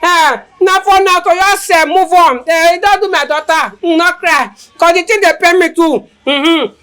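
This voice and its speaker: A weary grieving Nigerian parent. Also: female voice, very high-pitched, bright, forceful tone, heavily acted. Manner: weary, pleading. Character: grieving widowed parent addressing children.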